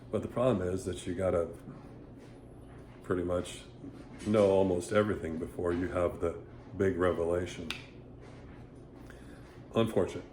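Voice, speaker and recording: A man's voice: low voice, steady tone, moderate pace, pauses often, darkish tone, slight background noise. A man giving a casual singing lesson, rambling and stopping often to sing short vowel demonstrations. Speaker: voice teacher. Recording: echoey room with faint ambience.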